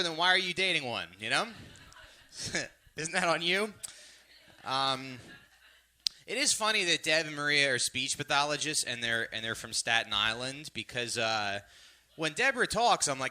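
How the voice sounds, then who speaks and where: A man's voice: medium pitch, normal speed, bright, forceful tone, smooth. A man in his thirties doing a stand-up set at a live show, rambling and self-deprecating with lots of fillers, on a stage mic. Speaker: stand-up comedian. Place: live comedy show venue. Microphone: stage microphone.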